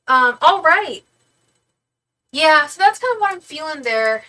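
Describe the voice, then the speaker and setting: A woman's voice: high-pitched, big pitch swings, measured pace, long pauses, bright, forceful tone, rough recording. A woman tarot reader on a live stream, chatting casually and affectionately with viewers, with lots of fillers.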